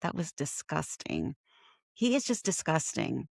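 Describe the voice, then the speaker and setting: Woman co-host, lowish voice, dry close mic, emphatic and exasperated. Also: wildly swooping pitch, measured pace, creaky, darkish tone, breathy edge, no room sound. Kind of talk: casual gossip chat.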